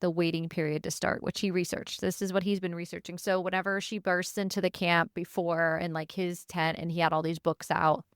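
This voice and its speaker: A woman's voice: on the low side, flat delivery, a little fast, few pauses, clean tone, no room sound, clean studio sound. A woman co-hosting a book-club podcast, chatting casually and retelling the plot with swearing. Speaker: podcast co-host.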